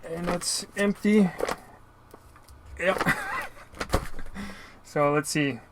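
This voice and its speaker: A Canadian YouTuber opens mail he received, narrating casually with lots of filler, rambling and apologizing often. His voice is high with drawn-out words, and there's background noise.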